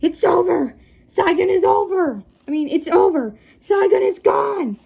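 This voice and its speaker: A woman reading aloud puts on a shaking, soaked pilot bursting in with urgent news, shouting in a high, raised voice. The tone is mellow and the recording dull and lo-fi. It is storybook narration with a hurried, alarmed edge. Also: lively intonation, creaky, heavily acted.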